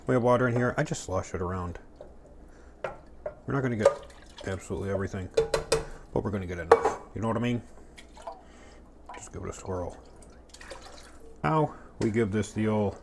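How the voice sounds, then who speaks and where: A man's voice: on the low side, brisk, long pauses, heavy background noise. A man casually demonstrating a recipe at home, chatty and joking as he talks to himself while he cooks. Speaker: home cook. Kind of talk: casual cooking demo. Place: home kitchen. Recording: clattering pans and utensils behind.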